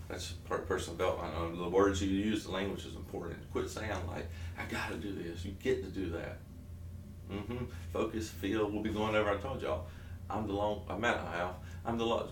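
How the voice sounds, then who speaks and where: A man's voice: on the low side, roomy sound, distant mic, slight background noise. Rambling Southern man in his thirties. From South Georgia, US. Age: 30s. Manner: rambling, jokey, self-interrupting. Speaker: keto vlogger. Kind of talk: casual rambling vlog.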